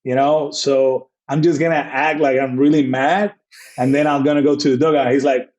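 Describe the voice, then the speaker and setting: On a podcast, a baseball manager spins loose, rambling anecdotes full of fillers and repeated starts, slipping into quick acted-out dialogue. His medium-pitched voice barely shifts in pitch and has a darkish tone. The casual storytelling interview is captured on a low-quality recording.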